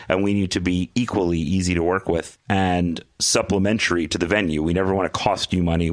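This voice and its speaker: A man's voice: deep voice, no echo, clean studio sound. A man chatting as a podcast guest, explaining his business at length with enthusiasm. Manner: enthusiastic, talks in long run-on explanations. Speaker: guest, VIP experience company executive. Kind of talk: casual podcast conversation.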